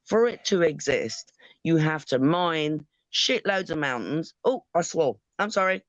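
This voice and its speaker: A man's voice: a little high, no room sound. A man on a casual online panel, ranting in a sarcastic way over a video call. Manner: slow, lively, sarcastic ranting. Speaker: panel guest. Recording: dull lo-fi dry audio.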